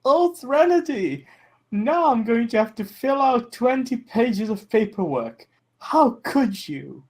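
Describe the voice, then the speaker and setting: A man doing a nasal impression of a fussy pony boss who whines about paperwork, slow and drawn-out. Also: very high voice, very animated, pitched above the performer's own voice, full character voice. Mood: whiny.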